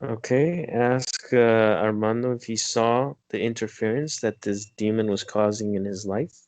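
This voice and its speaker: A man's voice: lowish voice, fairly even intonation, moderate pace, a little mellow, dry recording. A man guiding a hypnosis session, giving directions, counting to three and repeating his commands. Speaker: hypnotist and energy healer.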